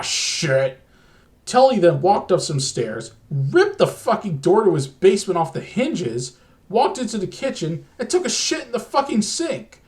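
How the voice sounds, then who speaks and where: A man narrating a crude comedic horror story in a profane, exasperated way. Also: sits high.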